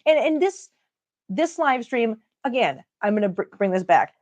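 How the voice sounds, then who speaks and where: A woman's voice: fairly high pitch, very animated, moderate pace, a little mellow. A middle-aged woman with an Upper Midwest American accent, chatting casually on a live stream, laughing often and reading viewer comments aloud.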